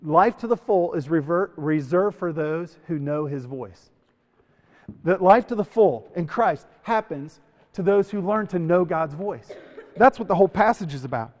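A man giving an animated sermon to young people, telling stories and acting out the voices of the people in them. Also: fairly high pitch, moderate pace, big-room sound. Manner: animated storytelling, acts out quoted voices. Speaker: youth speaker. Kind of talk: sermon to a youth camp.

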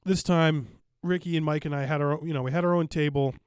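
Chatty man with a higher voice. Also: fairly even intonation, fast talker, darkish tone, clean tone, dry recording, clean studio sound. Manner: enthusiastic, rambling with many fillers. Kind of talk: casual chat.

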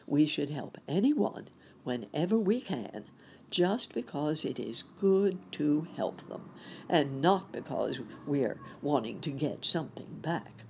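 A woman voicing a kindly, jolly old rabbit gentleman in a storybook, gentle and cheerful. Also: low voice, very animated, slow pace, gravelly, a little hiss or hum, full character voice.

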